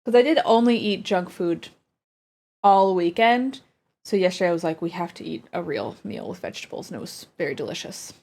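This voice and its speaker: A woman's voice: lowish voice, lively intonation, fairly quick, vocal fry, darkish tone. A woman from the United States streaming, chatting casually with her viewers and cooing at her dog between topics. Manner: chatty, talks baby talk to her dog.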